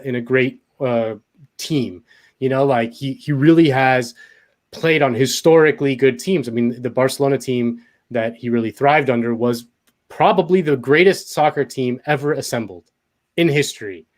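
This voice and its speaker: A man talking casually as a guest, hesitant, with many fillers and restarts. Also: mid-range voice. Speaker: guest commentator. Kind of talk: casual conversation.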